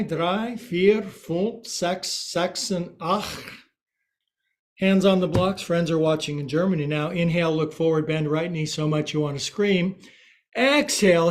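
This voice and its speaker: Slow, high-voiced man leading yoga. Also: a little mellow. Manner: counts poses aloud and jokes about words. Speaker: yoga teacher. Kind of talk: guided yoga class. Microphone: livestream from his own space.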